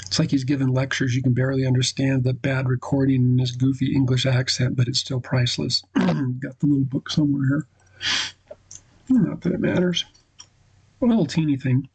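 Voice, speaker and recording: A man hosting a devotional talk for husbands, speaking earnestly and quoting scripture, with pauses and restarts. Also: mid-range voice, a little mellow, breathy edge, dry recording, low-quality recording. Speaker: host giving marriage advice to husbands.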